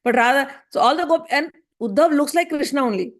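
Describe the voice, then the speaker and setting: A woman's voice: high-pitched, fast talker, hardly any pauses. A woman, teaching a devotional class in a storytelling way and often checking in with her listeners. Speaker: spiritual teacher.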